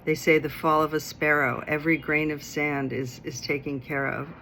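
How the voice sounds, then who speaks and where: A woman vlogger telling a personal story in a chatty, animated way, acting out other people's voices, outdoors in a city. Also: low-pitched, normal speed, slight background noise. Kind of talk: casual storytelling.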